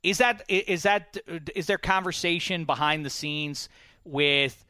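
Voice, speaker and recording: A man hosting a sports talk show, debating football with animated, pointed questions. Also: a little slow, clean tone, dry recording. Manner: animated, pointed questioning, jumps in pitch when pressing a point.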